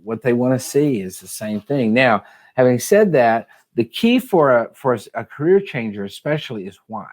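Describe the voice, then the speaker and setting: A man answering questions as a medical school admissions advisor, speaking in a measured, explanatory way with frequent "you know"s and "uh"s. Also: mid-range voice, animated, darkish tone. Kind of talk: casual advice podcast chat.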